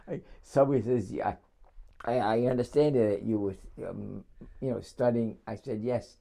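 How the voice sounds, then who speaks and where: An older man tells an old story in a gravelly, mellow voice. He chuckles often and restarts his sentences. The voice sits at an average pitch. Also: very animated, normal speed. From New York City. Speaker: war veteran interviewee. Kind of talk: oral history storytelling.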